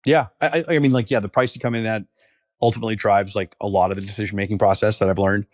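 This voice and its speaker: A man in his thirties, a startup founder, talking casually on a podcast with lots of fillers and quick asides. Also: lowish voice, steady tone, no echo, clean studio sound. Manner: casual, filler-heavy storytelling.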